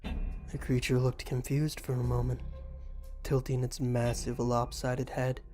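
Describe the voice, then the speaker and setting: A man reading a horror story aloud in an even, scripted storytelling manner, with faint music behind. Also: medium pitch, measured pace.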